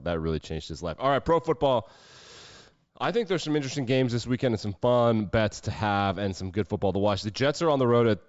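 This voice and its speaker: A deep-voiced man hosts a casual podcast and gives his sports betting picks, opinionated and brash, cursing freely. The sound is dry and a little dull, with no room around it. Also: darkish tone, dry recording. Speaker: podcast host.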